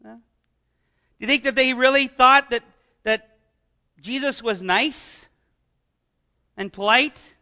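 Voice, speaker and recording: A man's voice: very high-pitched, slow pace, pauses often, bright, forceful tone. A man preaching a conversational sermon, asking the congregation rhetorical questions and chuckling as he explains scripture. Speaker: pastor.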